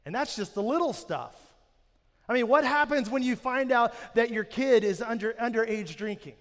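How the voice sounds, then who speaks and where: High-voiced pastor in a big hall. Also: male voice, moderate pace, fairly bright tone. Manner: storytelling, self-mocking humor. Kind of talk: sermon. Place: church auditorium. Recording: reverberant hall.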